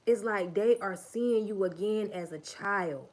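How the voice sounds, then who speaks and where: A woman's voice: medium pitch, a little slow, a little mellow. A woman hosting a livestream, giving an emphatic, profane and repetitive motivational talk. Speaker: livestream host.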